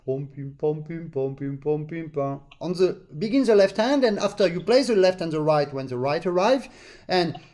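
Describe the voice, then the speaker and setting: A man's voice: on the high side, expressive, normal speed, a little mellow. A man teaches an accordion master class over a video call, explaining patiently and singing rhythms in syllables. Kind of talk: online master class instruction.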